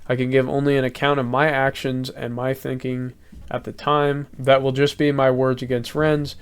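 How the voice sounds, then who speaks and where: A man's voice: medium pitch, little pitch movement, normal speed, clear, resonant tone. A young man reading a document aloud and reacting to it in casual, heated commentary, swearing and raising his voice. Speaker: commentary youtuber.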